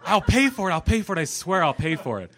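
A man voicing a flustered, apologetic friend who has just crashed into his car, speaking in a high, pleading voice. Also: sing-song, fast talker, crowd noise. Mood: frantic apology.

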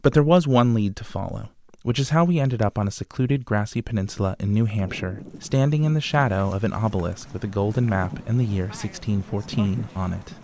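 Low-voiced man narrating history. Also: a little fast, creaky. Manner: wry, dryly humorous. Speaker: podcast host.

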